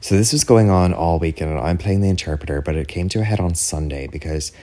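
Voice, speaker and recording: An Irish man with an extremely deep voice, talking casually on his own podcast. He rambles on, dropping "like" into most sentences and checking in with "do you know what I mean". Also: fast talker, mellow. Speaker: podcast host. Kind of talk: casual solo chat.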